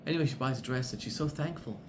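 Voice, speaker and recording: A male rabbi from Zimbabwe telling a story as part of a sermon, in an animated way that climbs to excited peaks. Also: mid-range voice, fast, a little hiss or hum.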